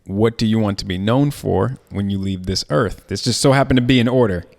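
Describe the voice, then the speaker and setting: A man's voice: on the low side, fairly quick, creaky, darkish tone. A man hosting a casual podcast interview, often affirming his guest and reading out quotes he has prepared. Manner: affirming listener who reads out quotes. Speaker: podcast host.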